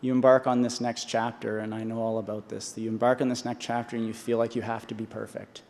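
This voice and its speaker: A man's voice: medium pitch, flat delivery, fast, darkish tone. A man in his forties giving an earnest commencement speech from a podium, often restarting and repeating himself. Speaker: honorary doctorate speaker. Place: large convocation hall. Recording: long hall reverb.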